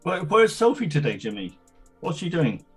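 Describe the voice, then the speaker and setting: Husky southern English man, dry wit. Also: fairly high pitch, sing-song, moderate pace, soft background music. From England. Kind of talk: casual live-stream chat.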